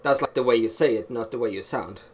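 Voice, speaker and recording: A man with a mid-range voice hosting a relaxed podcast chat. He speaks hesitantly, restarting his sentences and reaching for fillers as he explains his points. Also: medium pitch, fast. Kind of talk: casual online podcast chat.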